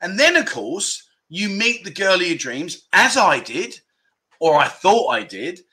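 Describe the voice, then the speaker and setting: A man's voice: sits high, very animated, measured pace, sharp tone. A man from England hosting a casual livestream, rambling through self-deprecating banter and reading out viewer comments. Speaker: livestream host.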